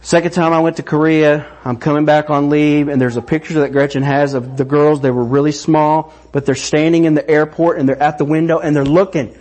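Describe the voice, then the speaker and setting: A middle-aged man preaching a sermon, animated and excited, acting out voices. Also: on the high side, a little fast, few pauses. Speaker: pastor.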